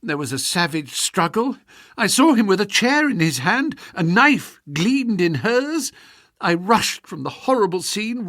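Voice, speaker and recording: A man puts on a frightened young noblewoman pouring out a confession in a storybook reading. Her voice is hushed and urgent, rising and falling a great deal. The sound is close and dry. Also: a little high, no room sound. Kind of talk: audiobook character voice.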